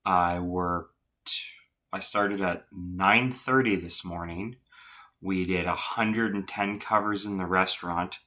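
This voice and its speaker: Man with a very low, bright voice, tired chef, casual rambling commentary. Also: fairly even intonation, takes it slowly. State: tired, yawning late at night. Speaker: chef reacting to a cooking video.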